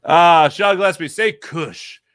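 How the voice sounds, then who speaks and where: A man's voice: on the high side, a little slow, fairly bright tone, clear, resonant tone, no room sound. A man hosting a casual sports talk stream, reading viewer comments aloud and reacting in a rambling, jokey, self-correcting way. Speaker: sports talk show host.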